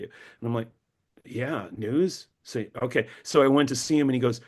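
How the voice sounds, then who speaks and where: A middle-aged man, a novelist being interviewed, telling stories animatedly, acting out quotes and often repeating words as he restarts. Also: moderate pace. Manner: animated, acts out quotes with big pitch jumps. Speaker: novelist guest.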